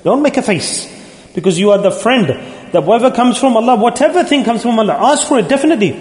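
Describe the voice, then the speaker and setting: A man's voice: extremely high pitch, lively intonation, fast, darkish tone. A man preaching a sermon as a religious teacher at a mosque gathering, in an earnest, pleading, repetitive way. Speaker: Sufi religious teacher leading dhikr gatherings. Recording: roomy hall with long echo.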